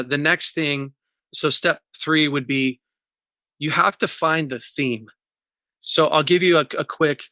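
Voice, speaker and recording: Interview guest, male, bright and forward tone, candid, walks through his process step by step. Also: medium pitch, dry recording. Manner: earnest, teaching in numbered steps; candid and emotional about personal pain. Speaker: podcast guest, recovery coach. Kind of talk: podcast interview.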